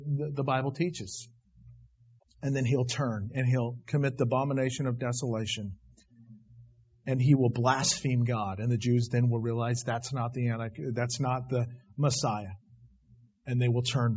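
A man preaching a sermon, swinging between loud emphatic declarations and quiet asides. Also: mid-range voice, slightly rough, dull audio. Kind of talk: sermon on Revelation.

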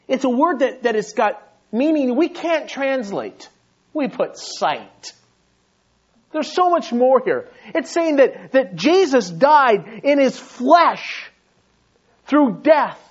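A man preaching a sermon, swinging between hushed, intimate passages and shouted, pleading fervor. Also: sits high, muffled recording. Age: adult with young sons. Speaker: pastor.

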